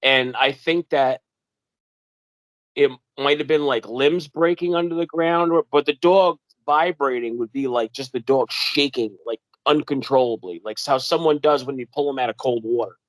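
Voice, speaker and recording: A young man from New York telling a wilderness story in an animated way, acting out the voices of the people in it and using lots of fillers. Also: medium pitch, normal speed, no room sound. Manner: animated, acts out quoted dialogue in a raised voice, many fillers. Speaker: guest telling his encounter. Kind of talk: casual storytelling interview.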